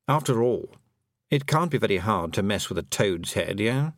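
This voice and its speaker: A man's voice: fairly low pitch, lively intonation, moderate pace, no room sound, studio quality. A man voicing an anxious male toad who thinks he was once human, rambling and fretful.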